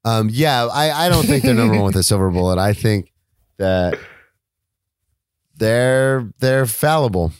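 A man co-hosting a sports podcast, trading quick opinions and laughs with his partner in casual chat. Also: on the low side, lively intonation, clear, resonant tone, no echo, clean studio sound. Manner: laughing, interrupting banter. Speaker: co-host.

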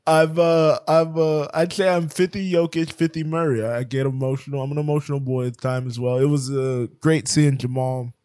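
A man's voice: fairly high pitch, steady tone, a little fast, hardly any pauses, a little mellow, smooth, dry recording, clean studio sound. A man co-hosting a sports podcast in casual chat, joking, laughing often and restarting his sentences. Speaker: podcast co-host. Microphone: podcast microphone.

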